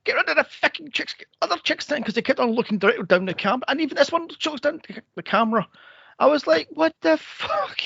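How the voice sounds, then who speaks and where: A man co-hosting a movie podcast, animated and sweary, laughing and acting out scenes in casual chat. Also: very high voice, rapid-fire, vocal fry, hardly any pauses, slightly rough, no echo. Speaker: podcast co-host. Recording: dry, dull lo-fi podcast audio.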